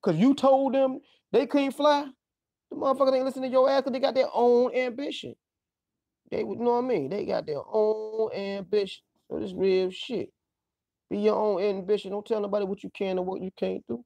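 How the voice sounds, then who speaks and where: A man's voice: high-pitched, fairly even intonation, normal speed, creaky, dark tone, dry recording. A man hosting a livestream, rambling loosely through a profane casual monologue, exclaiming often and breaking into laughs. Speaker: livestream host.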